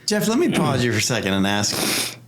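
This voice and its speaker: A man hosting a podcast interview, asking gentle, probing follow-up questions. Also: lowish voice, huge pitch swings, fairly quick. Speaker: podcast host. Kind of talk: conversational interview.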